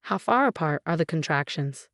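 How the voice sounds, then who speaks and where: A protective friend who talks fast and sharp in a crisis, as a woman narrator puts her on. Heard close and dry, in a storybook reading. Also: sits low, lively intonation, dry recording. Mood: urgent. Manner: urgent, sharp.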